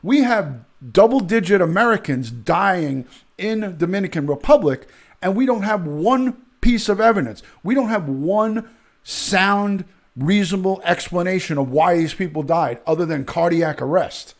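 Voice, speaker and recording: A middle-aged man hosting a live stream, his voice sitting a little high for a man. He rants with outrage and hammers his points home. He keeps repeating himself and restarting sentences mid-thought. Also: animated, moderate pace. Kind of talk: heated live-stream rant.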